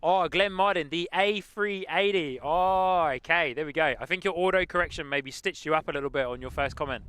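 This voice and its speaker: A man with a London-tinged English accent, casually chatting as host of a live stream and reading out viewer comments, easygoing and quick to laugh. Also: fairly high pitch, a bit bright, clean tone, no room sound. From England. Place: outdoors at an airport plane-spotting spot.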